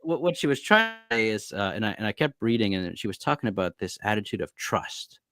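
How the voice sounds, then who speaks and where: A man's voice: lowish voice, sing-song, fairly quick, a bit bright, no room sound, studio quality, soft background music. Reflective man on a video call. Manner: reflective storyteller, many fillers and restarts. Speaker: former monk, podcast guest or host. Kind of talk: casual conversation over a video call. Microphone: video call over unstable internet.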